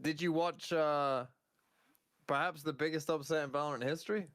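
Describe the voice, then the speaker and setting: A man chatting casually on a stream, animated and joking as he talks about esports matches. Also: on the high side, moderate pace, smooth, no echo, clean studio sound. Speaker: co-streamer guest. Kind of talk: casual chat.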